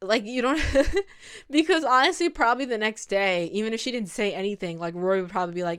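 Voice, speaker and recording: A woman's voice: medium pitch, fast, fairly bright tone, smooth. A young woman in casual commentary, chatting loosely with many "like" fillers and restarts. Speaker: video essay host.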